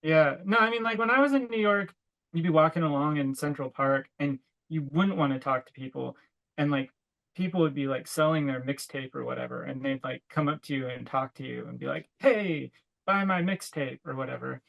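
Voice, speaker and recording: A young adult man co-hosting a podcast chats casually in a brisk, mid-range voice that's slightly bright and carries vocal fry. His rambling stories are packed with "like" and other filler, and he sometimes laughs along; the recording is rough.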